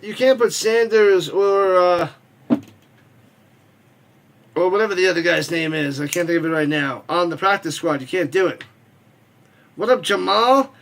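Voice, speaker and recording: A man with a notably high-pitched voice hosts a live football watch party stream. He rambles casually, cracks jokes, and reads viewer comments aloud between quick play-by-play calls. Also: fairly bright tone.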